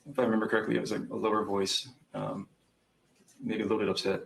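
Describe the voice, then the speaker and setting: Young male witness on the stand, gravelly low voice, hesitant recounting. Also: flat delivery, fast talker, a little hiss or hum, rough recording. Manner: hesitant, recounting events with frequent ums. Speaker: trial witness. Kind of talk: courtroom testimony.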